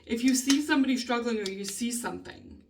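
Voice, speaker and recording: A woman venting in a casual vlog, upset and emotional, frustrated and swearing a lot with halting ums. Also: fairly high pitch, a little hiss or hum. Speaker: vlogger. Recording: voice a bit distant from the mic.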